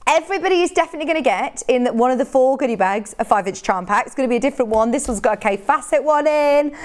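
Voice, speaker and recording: A woman hosts a live TV sales show from a studio, her voice sitting a little on the high side. She chats along in an upbeat way, showing off each item and tagging on little questions as she goes. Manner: chatty, upbeat, asks lots of tag questions. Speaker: shopping channel presenter.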